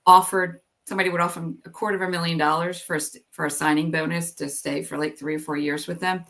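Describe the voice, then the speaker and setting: A woman's voice: fairly low pitch, level tone, quick pace, gravelly, a bit bright. A middle-aged woman telling her own story as an interview guest. She talks candidly, says "like" and "you know" often, and acts out her past thoughts.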